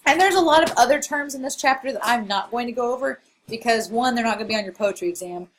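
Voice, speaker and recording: A woman's voice: on the high side, quick pace, slight background noise, rough recording. Woman casually explaining poetic meter. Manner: casual, explanatory, with frequent fillers. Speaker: college English instructor. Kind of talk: recorded lecture over slides.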